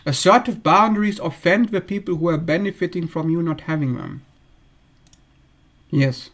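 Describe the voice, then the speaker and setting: A man's voice: fairly high pitch, moderate pace, a bit bright. A man hosting an astrology channel, talking bluntly in a casual monologue and acting out the people he describes in a raised voice.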